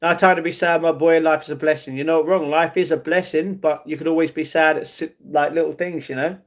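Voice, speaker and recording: A man's voice: on the high side, fairly even intonation, fairly quick. A young man chatting casually on a livestream, reading and answering his chat, often adding "you know what I mean". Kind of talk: casual live-stream chat.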